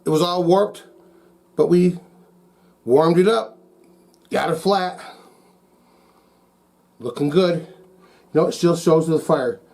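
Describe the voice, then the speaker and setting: A man's voice: a little high, slow, creaky, pauses often, a little mellow. A man narrating casually in his guitar repair workshop, folksy and easygoing, talking to himself and the viewers as he works. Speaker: guitar repair shop owner.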